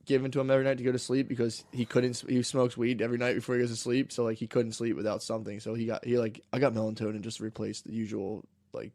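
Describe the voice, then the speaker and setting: A man's voice: mid-range voice, little pitch movement, very fast, few pauses, darkish tone, dry recording. A man co-hosting a casual podcast, rambling through a story with lots of slang and swearing.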